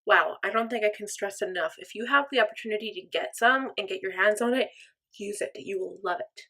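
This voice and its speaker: A woman's voice: medium pitch, brisk, sharp tone. A young woman chatting through a makeup tutorial in an upbeat, chatty, self-deprecating way. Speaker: makeup vlogger. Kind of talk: casual makeup tutorial chat.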